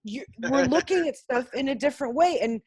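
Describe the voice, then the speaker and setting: A woman speaks to a spiritual group over a video call, her voice sitting fairly high. She is blunt and emphatic and swears without a second thought. The sound is dry and close, with no room around it. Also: lively intonation, a little fast, a little mellow, husky, dry recording. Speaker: class participant sharing insights. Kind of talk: impassioned spiritual group talk.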